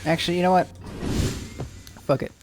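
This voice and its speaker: A man's voice: high-pitched, fairly even intonation, brisk, over music. A man streaming a game, commenting casually and bluntly and swearing freely.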